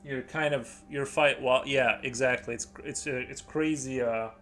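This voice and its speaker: A man chats casually while painting on a live stream, his voice sitting at an ordinary middle pitch. He rambles and hesitates, circling back through fillers and false starts. Soft music plays faintly behind him. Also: steady tone, moderate pace.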